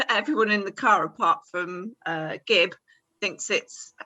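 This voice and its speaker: A woman's voice: medium pitch, takes it slowly, sharp tone, low-quality recording. A woman co-hosting a film podcast, retelling scenes in a chatty, giggly way. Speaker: podcast co-host. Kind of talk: casual film chat.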